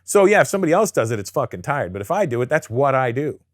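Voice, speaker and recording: Brief: male comedian guest, blunt and profane, mid-pitched, dry close sound. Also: fast, no echo. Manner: blunt, profane, animated storyteller. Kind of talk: candid interview chat.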